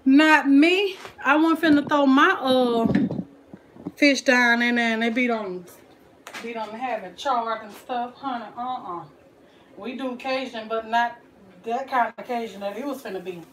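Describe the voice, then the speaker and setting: A woman talking to viewers in a relaxed way while she cooks in her home kitchen, with frying sizzling behind her. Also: a little high, a little slow, slight background noise. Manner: chatty, talks to viewers and family at home. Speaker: cooking vlogger. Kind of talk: casual cooking vlog.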